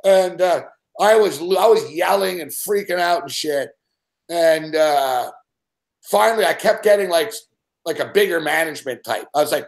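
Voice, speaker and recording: High-pitched man, profane agitated rant, show host, constant swearing. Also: lively intonation, moderate pace, creaky.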